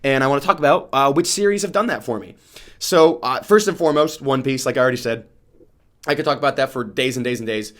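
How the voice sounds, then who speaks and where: Young guy, casual vlog, talks off the cuff, heartfelt, restarts a lot, mid pitch. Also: quick pace. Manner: rambling and emotional, many "like" fillers and restarts. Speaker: book vlogger.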